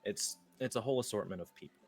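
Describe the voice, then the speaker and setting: A man's voice: fairly low pitch, fast, soft background music. A man narrating a tabletop role-playing game as game master, rambling and casual with many fillers.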